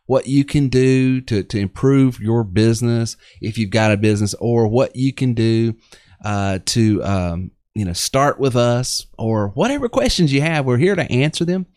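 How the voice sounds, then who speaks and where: A man's voice: medium pitch, expressive, normal speed, a little mellow, dry recording, studio quality. A man with a Southern accent hosting a live online business show, chatting casually and rambling with lots of fillers and restarts. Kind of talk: casual live-stream chat with pitches.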